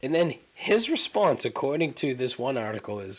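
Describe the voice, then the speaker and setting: A man's voice: mid-range voice, sing-song, normal speed. A man hosting a solo podcast, telling a story in a rambling, profane, incredulous way. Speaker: podcast host. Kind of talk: casual solo monologue.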